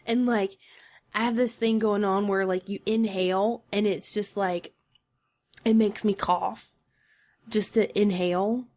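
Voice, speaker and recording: A woman co-hosting a casual podcast, telling a story with a scratchy throat, animated and easily exasperated. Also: medium pitch, a little slow. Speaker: podcast co-host.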